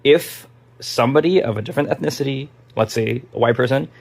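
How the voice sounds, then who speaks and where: A man from Taiwan who teaches improv talks casually to camera, giving his frank opinion with plenty of fillers. His medium-pitched voice is a little fast and creaky.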